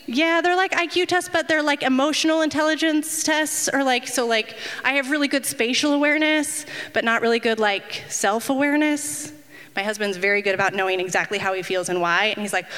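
A woman's voice: sits high, fairly even intonation, fairly quick, a bit bright, clean tone. A woman in her thirties giving a casual, chatty devotional talk, self-deprecating and full of fillers. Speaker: women's ministry speaker. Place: church hall. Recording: long hall reverb.

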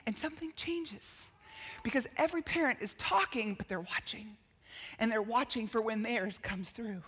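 Animated, bright-voiced woman preacher. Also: fairly high pitch, normal speed, husky, in a large hall. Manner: animated, acts out quotes, laughs and shouts. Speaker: speaker at a church gathering. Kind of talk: storytelling sermon.

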